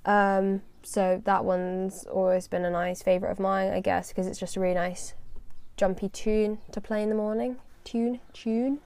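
A woman's voice: mid-range voice, level tone, moderate pace, vocal fry, a little mellow, dry recording. A young woman from the UK hosting her own podcast, chatting casually and rambling, with a self-deprecating humour. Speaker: podcast host. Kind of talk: casual solo podcast chat.

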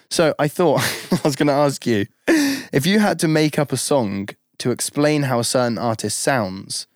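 Male podcast co-host, giggly and playful, lively slightly high voice, dry mic. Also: dry recording. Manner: giggly, playful, quick to laugh. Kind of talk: casual chat.

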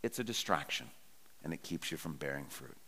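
A man's voice: rumbling low, animated, brisk, sharp tone, in a large hall. A pastor in his forties preaching a sermon in a conversational, personal storytelling way.

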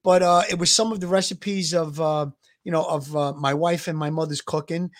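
A man's voice: fairly high pitch, fairly even intonation, normal speed. A man in his sixties with a Brooklyn accent, an ex-detective co-hosting a podcast, chatting easily and rambling with many fillers. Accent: Brooklyn New York. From Brooklyn, New York. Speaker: podcast co-host, former police detective. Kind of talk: casual podcast chat.

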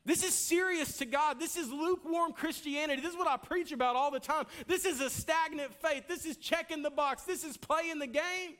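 A pastor, preaching a sermon with an emphatic, repetitive cadence that rises to near-shouts. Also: male voice, very high-pitched, normal speed, hardly any pauses.

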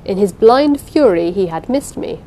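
A woman's voice: mid-range voice, animated, moderate pace, dark tone, slight background noise, low-quality recording. A woman narrating a first-person story aloud, reading in a dramatic, suspenseful way. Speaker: audiobook narrator.

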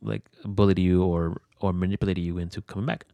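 A man's voice: deep voice, little pitch movement, a little fast, no room sound, highs cut off. A young man telling a personal story in an interview. He rambles, leans on fillers and swears freely. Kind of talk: candid conversational storytelling.

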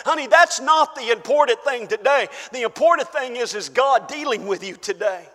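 A pastor with a very high, bright voice delivers a sermon in a church whose long hall reverb makes him ring. Animated and at normal speed with hardly any pauses, he climbs to fervent shouted peaks, drops into hushed asides, and calls out to the congregation.

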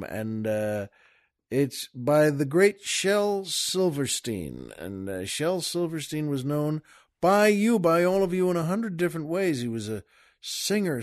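A male host telling a joke in a folksy, rambling way, repeating himself often. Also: fairly high pitch. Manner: folksy, repetitive, chuckling.

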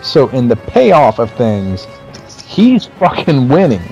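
Male podcast co-host, mid-range voice, relaxed and profane. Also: medium pitch, takes it slowly, dull audio, soft background music. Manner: profane, laughs while arguing points. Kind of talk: casual movie discussion.

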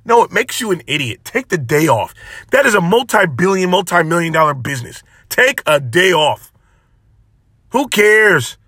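A man hosts his solo podcast with a high, bright voice, pressing his points with passion and repeating phrases like a sermon. The sound is dry and close, with no room around it. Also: sing-song, brisk, slightly rough, dry recording. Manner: impassioned, preachy, repeats phrases for emphasis. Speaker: podcast host. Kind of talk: solo motivational podcast talk.

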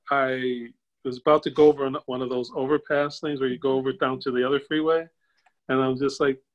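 An older man, a guest on a video call, tells a personal story in a casual way. He acts out the quoted voices with sudden jumps up in pitch and chuckles as he goes. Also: dull audio. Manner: chuckles while telling. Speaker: interview guest.

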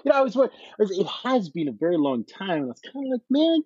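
A man's voice: high-pitched, sing-song, racing, a little mellow, slightly rough, dry recording, lo-fi sound. A man joining a show as a guest, chatting in a friendly, easygoing way. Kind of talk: casual chat.

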